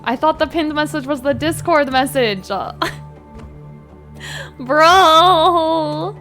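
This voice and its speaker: A young woman streaming a game live, excitable and laughing often, swearing freely and using casual gamer slang. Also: high voice, slow, faint music behind. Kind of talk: live-streamed gameplay chat.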